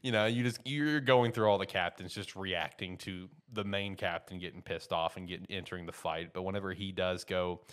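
Deep-voiced man rambling through an anime recap. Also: normal speed, hardly any pauses. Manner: rambling, animated storytelling with frequent fillers. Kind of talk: casual anime recap chat.

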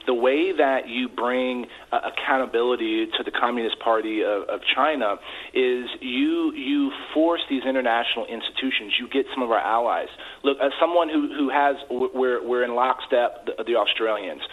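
A man's voice: mid-range voice, moderate pace. A congressman giving earnest interview answers by phone, often repeating words as he starts his sentences. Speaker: congressman guest. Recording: tinny phone line.

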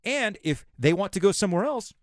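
Brief: male sports talk host, sarcastic and fired up, lively pitch, dry studio sound. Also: a little fast, dry recording. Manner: sarcastic, ranting, mocking voices of officials.

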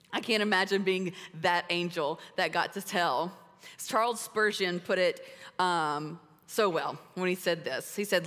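A woman preaching to a roomful of women, casual and animated, leaning on "like" and "right?". Her voice sits a bit low and echoes through a large hall with a long reverb. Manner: animated and conversational, with lots of "like" and "right?". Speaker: women's ministry speaker. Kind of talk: sermon. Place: large room full of women at a church gathering.

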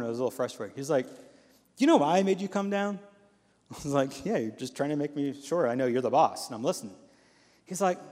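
Casual storytelling man preaching in a reverberant hall. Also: fairly high pitch. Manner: casual, storytelling, animated with asides. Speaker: guest lay preacher. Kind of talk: sermon. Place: church sanctuary.

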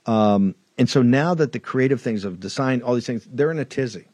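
A man's voice: medium pitch, brisk, a little mellow, no echo. A man hosting a political talk show, talking in an emphatic, rambling way that repeats words. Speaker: show host.

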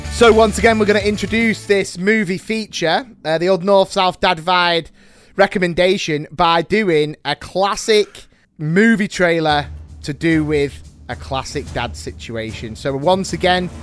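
A man's voice: a little high, a little slow, a bit bright, faint music behind. A man in his thirties hosting a podcast in casual chat, upbeat and bantering, making playful sound-effect noises. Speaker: podcast host.

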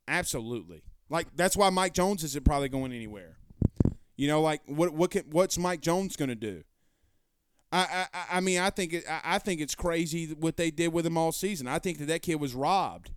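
Loud, passionate sports show host man. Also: fairly high pitch, animated, moderate pace, clean tone, dry recording, clean studio sound. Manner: loud, passionate, blunt and profane. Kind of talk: live-stream chat reading.

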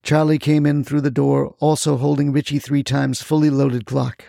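A man narrating a first-person crime story in a terse, deadpan way. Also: mid-range voice, normal speed, creaky, no echo, studio quality.

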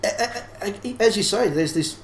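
A man talks through a casual podcast discussion in a thoughtful, analytical way, often restarting his sentences. His voice sits a little high. The recording sounds roomy, with a faint hiss underneath. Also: expressive, normal speed. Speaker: podcast co-host.

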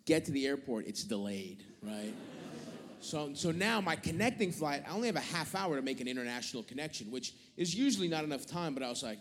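A man doing stand-up, his slightly raised voice ringing through a large theater with a long tail of reverb. He tells the story profanely and with growing exasperation, switching between himself and the people he argues with. Audience noise sits clearly under the live recording. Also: a little high, lively intonation, a little fast. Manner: profane, exasperated, acts out both sides of arguments. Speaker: stand-up comedian.

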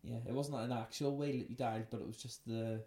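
A woman's voice: a bass voice, fairly even intonation, fast talker, dark tone. A woman hosting a casual, unscripted podcast chat, joking and telling playful stories. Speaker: podcast host.

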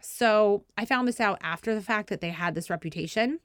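Female podcast host, 30s, chatty and self-deprecating, bursts into shouted quotes, dry close sound. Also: mid-range voice, a little fast, no room sound. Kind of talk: casual storytelling.

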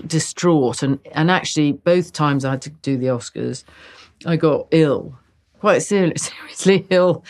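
A woman in her sixties, a guest in a relaxed interview, talking in an animated way with restarts and wry self-mockery. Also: deep voice, gravelly. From Britain. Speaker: guest actress.

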